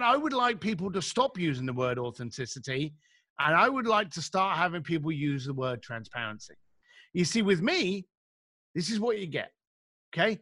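Animated blunt man, lively pitch. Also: dry recording, clean studio sound. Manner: blunt, emphatic, acts out quoted exchanges. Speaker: podcast guest, author. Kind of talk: animated conversational storytelling.

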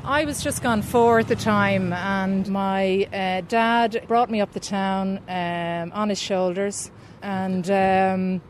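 A woman's voice: medium pitch, steady tone, slow pace, few pauses, a little hiss or hum. A woman in her fifties with an Irish accent, telling a story hesitantly with many ums. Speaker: guest. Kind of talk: interview storytelling.

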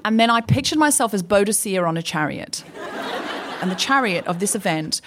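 A woman co-hosting a live comedy podcast, telling a self-mocking story in an animated way. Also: mid-range voice, a little fast, noisy background. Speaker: co-host.

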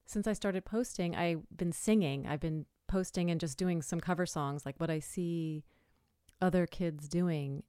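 A woman hosting her own podcast in a loose, rambling style, often going back to correct herself. Her voice is smooth and resonant and sits on the lower side for a woman. The sound is dry and close. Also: mellow, no room sound. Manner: chatty, rambling, self-correcting. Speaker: podcast host and voiceover artist. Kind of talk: casual solo podcast talk.

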